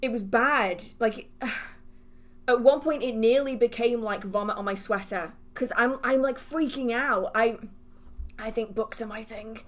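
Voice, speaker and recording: A woman hosting a casual livestream, talking straight to her viewers. Her voice sits a little high, and she laughs often as she pokes fun at herself. Her sentences trip and restart while she rambles on. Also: unhurried. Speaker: livestream host answering viewer questions.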